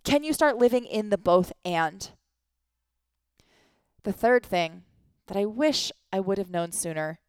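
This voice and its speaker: A woman's voice: mid-range voice, big pitch swings, a little slow, clear, resonant tone, no echo. A woman in her thirties, a life coach, giving an earnest motivational talk full of rhetorical questions and casual swearing. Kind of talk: motivational monologue.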